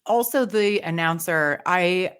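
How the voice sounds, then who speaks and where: A woman's voice: on the low side, takes it slowly, a bit bright, smooth. A woman co-hosting a movie podcast, playful and giddy, tossing questions to the others. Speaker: podcast co-host. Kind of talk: casual movie chat.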